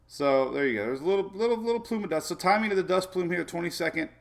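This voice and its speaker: A man's voice: high voice, expressive, quick pace. A man hosting a casual live weather show, rambling and chatty with many fillers and frequent laughs.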